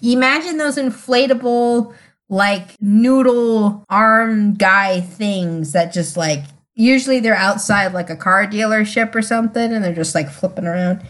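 A woman's voice: mid-range voice, unhurried, fairly bright tone. Chatty exasperated woman podcaster. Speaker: podcast co-host. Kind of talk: casual chat.

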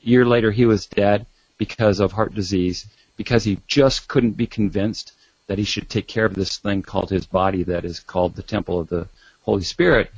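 A man's voice: lowish voice, fairly even intonation, moderate pace, vocal fry, husky, dry recording, muffled recording. A man, a doctor, speaking as a talk show guest and telling stories animatedly, with many restarts. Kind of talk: casual talk show interview.

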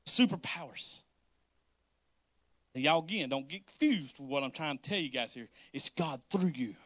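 A man preaching a sermon as pastor, animated and playful, often acting out church members and laughing. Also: on the high side, moderate pace, no room sound.

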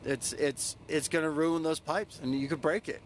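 A man's voice: on the high side, steady tone, moderate pace, slight background noise. A young man, a podcast host, telling a personal story casually, loose and profane, with lots of "you know" fillers.

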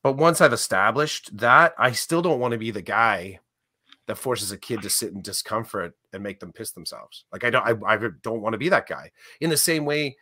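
Bright-voiced man in casual chat. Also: lowish voice, expressive, normal speed. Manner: emphatic, shares his own approach to students. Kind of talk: casual conversation.

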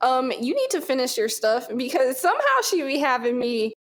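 A woman's voice: sits high, very animated, normal speed. A woman hosting a podcast in casual chat, laughing often between her questions. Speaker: podcast host.

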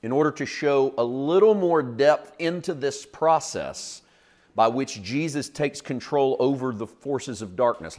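A man's voice: medium pitch, darkish tone. A man preaching a sermon as pastor, teaching earnestly and building to emphatic points. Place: church.

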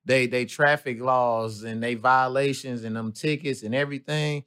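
A man from St. Louis, a comedian guest in a casual interview, talking in a relaxed, slangy way. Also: mid-range voice, normal speed, smooth. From St. Louis, USA. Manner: laid-back, loose slangy storytelling.

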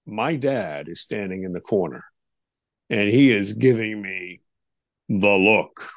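A middle-aged man as an interview guest, telling a story with lively delivery, acting out the voices of others, with frequent fillers. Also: lowish voice, takes it slowly, dry recording, clean studio sound. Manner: animated, acts out quoted voices, many fillers.

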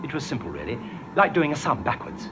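An actor playing an eccentric, brainy male time traveller who explains things patiently and lively, from an old TV soundtrack. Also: mid-range voice, quick pace, close to an everyday voice. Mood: explaining. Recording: dull old TV audio with hiss.

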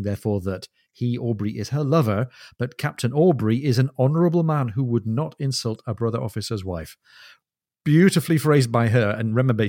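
A man's voice: medium pitch, a little mellow, no echo, clean studio sound. A man co-hosting a podcast, chatting eagerly about a novel and reading passages aloud. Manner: enthusiastic, reads quoted passages aloud with laughs. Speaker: podcast co-host. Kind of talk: casual book discussion.

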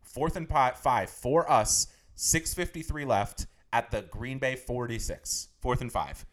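A man's voice: mid-range voice, unhurried. A man co-hosting a casual sports podcast, talking animatedly with swearing and laughter while debating game decisions. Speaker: podcast co-host.

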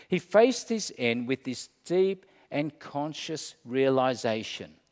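A man preaching as a pastor, slow and dramatic, dropping to a hush and then rising. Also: on the high side, in a large hall. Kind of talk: sermon.

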